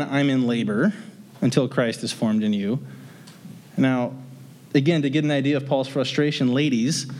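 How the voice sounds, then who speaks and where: A man teaching a Bible passage verse by verse in a casual, conversational way, mixing in joking asides. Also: medium pitch.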